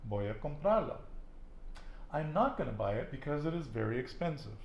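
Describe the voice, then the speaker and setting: A man's voice: on the high side, sing-song, fairly quick, echoey room, highs cut off, slight background noise. A man teaching a casual language lesson, patiently asking questions and repeating his student's answers with encouragement. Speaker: Spanish teacher.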